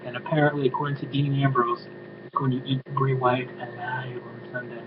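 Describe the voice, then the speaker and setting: A man's voice: mid-range voice, fairly even intonation, normal speed. A man giving a casual spoken review, ranting and swearing with exasperated asides. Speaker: show reviewer. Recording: tinny phone-like audio with noise.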